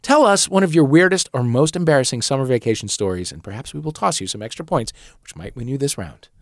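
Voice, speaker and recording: A man's voice: medium pitch, expressive, fast talker, no room sound, studio quality. A man hosting a comedy podcast game show, reading questions and tossing out jokes in a playful quizmaster manner.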